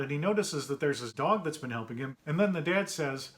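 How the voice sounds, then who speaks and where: A man reading his own picture book aloud to children, chatty and gentle, pausing to point out pictures and ask questions. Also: lively intonation. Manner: puts on brighter higher voices for characters' quoted lines. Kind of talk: read-aloud story time for children.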